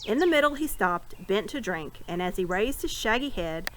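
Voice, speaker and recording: A woman reads a novel aloud, her voice rising and falling in a lively way. A faint hiss stays under her voice throughout. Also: mid-range voice, moderate pace, low-quality recording. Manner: expressive storytelling. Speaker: reader.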